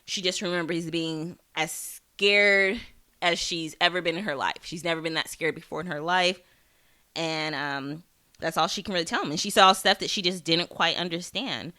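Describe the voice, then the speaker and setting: A woman's voice: on the low side, normal speed, sharp tone. A woman hosting a podcast, recapping a TV episode in a casual, rambling way with many fillers and restarts, and swearing for emphasis. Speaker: podcast host.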